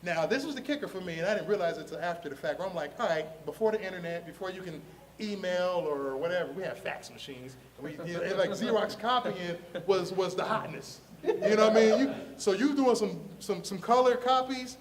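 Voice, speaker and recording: A man from Ohio, a comic artist telling his story in a lively, slangy way, laughing often and acting out the voices of the people in it. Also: high-pitched, brisk, far from the mic, crowd noise. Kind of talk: animated storytelling on a podcast.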